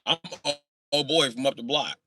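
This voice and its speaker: On a casual live stream, a man reads chat and tells crude, boastful stories at a moderate pace, swinging between loud outbursts and low mutters while swearing. Slight background noise can be heard.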